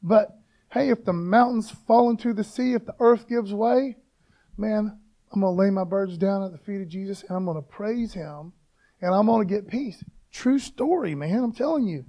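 Brief: high-voiced, gravelly man preaching casually, fired-up and conversational. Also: normal speed, dark tone. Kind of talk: informal devotional talk.

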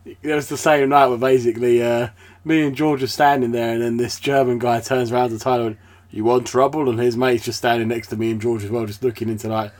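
Young guy on a podcast, animated storyteller, does the voices of people in his story. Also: medium pitch, fast. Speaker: podcast co-host. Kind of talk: casual chat.

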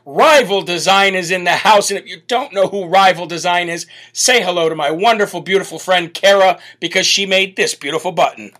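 An American man with a bright, forceful voice, pitched a little high, hosts a live show. He reads out viewer comments and gives upbeat, chatty shout-outs, thanking people one by one. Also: fairly quick, hardly any pauses. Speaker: host.

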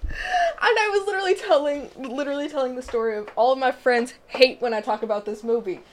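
A woman's voice: high-pitched, lively intonation, brisk. Young woman, podcast host in a small booth, rambling casual delivery, frequent laughs, faint background hiss. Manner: rambling, self-interrupting, laughs often. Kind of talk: casual solo podcast chat.

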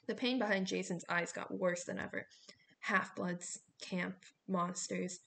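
A woman narrating a novel as an audiobook in a steady storytelling manner. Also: fairly low pitch, measured pace, creaky, a little hiss or hum.

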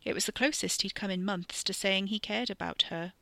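A woman podcast storyteller reading dark scripted fiction in a measured, even way. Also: medium pitch, gravelly, no room sound.

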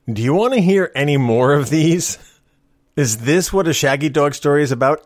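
Wry middle-aged male storyteller, lively pitch. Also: no echo, clean studio sound. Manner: wry, deadpan joking delivery. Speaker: storyteller host. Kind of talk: casual spoken storytelling.

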